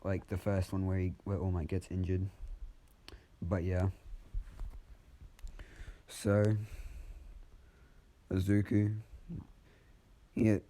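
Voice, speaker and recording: A man improvising a fan story out loud in a casual, rambling way, with many restarts and some swearing. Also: sits low, level tone, takes it slowly, pauses often.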